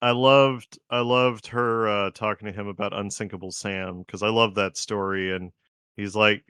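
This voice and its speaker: A man with a low but bright, forceful voice, recorded close and dry with no room sound. He talks animatedly in a casual book-club chat, often dropping into character voices. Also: steady tone, normal speed, smooth, no echo.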